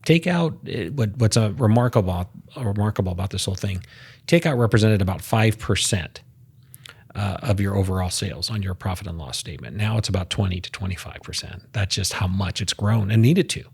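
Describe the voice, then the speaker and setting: Podcast guest: low, gravelly, husky male voice, emphatic, data-driven, talks in restarts. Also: a little fast, a little mellow. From United States. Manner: emphatic, statistic-heavy, repeats words when starting. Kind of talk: casual podcast interview.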